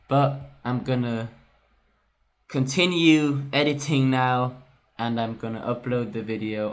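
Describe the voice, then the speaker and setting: Man, music producer, slow, flat delivery, casual, keeps saying right. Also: mid-range voice. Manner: casual and self-correcting, often says "right". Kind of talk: screen-recorded production walkthrough.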